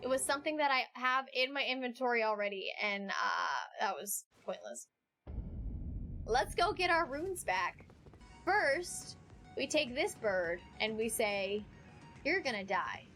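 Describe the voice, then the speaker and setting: A woman streaming a game live from home, reacting with excitable, alarmed exclamations as she plays. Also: fairly high pitch, measured pace, soft background music. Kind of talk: live gameplay commentary.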